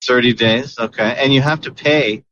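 Male podcast host, mid-pitched, rambly with fillers; muffled lo-fi audio. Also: normal speed, pushed and bright, slight background noise. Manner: chatty, with many fillers and restarts. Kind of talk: casual chat.

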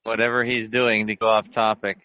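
A man's voice: on the low side, level tone, brisk, smooth, no room sound, phone-quality sound. A man in a casual chat, cutting in with short teasing remarks. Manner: terse, teasing interjections.

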